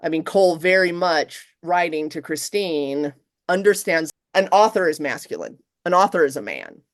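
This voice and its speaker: A middle-aged woman professor chatting in an interview, lively and expressive, acting out quotes with big jumps in her voice. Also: moderate pace, dry recording, studio quality. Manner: animated, acts out quotes with big pitch jumps. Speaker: guest professor. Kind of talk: casual interview chat.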